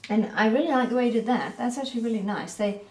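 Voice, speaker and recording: A woman giving a relaxed, chatty painting critique as an art teacher, correcting herself as she goes. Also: a little high, fast. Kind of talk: painting critique, talking while pointing. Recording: echoey room.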